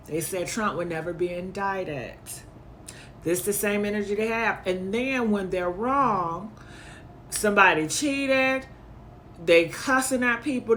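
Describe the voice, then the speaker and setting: Woman commentary host, slow and bright-toned, emphatic and indignant. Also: medium pitch, a little hiss or hum. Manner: indignant, emphatic, repeats points. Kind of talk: reaction commentary.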